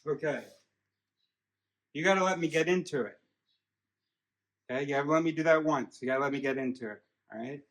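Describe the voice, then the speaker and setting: A man's voice: on the high side, a little fast, long pauses, fairly bright tone. Man lecturing in an echoey car. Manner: explains step by step, checks in with "okay?" often. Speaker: son explaining a theory to his father. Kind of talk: casual lecture during a drive. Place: inside a car on the road. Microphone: dashcam mic.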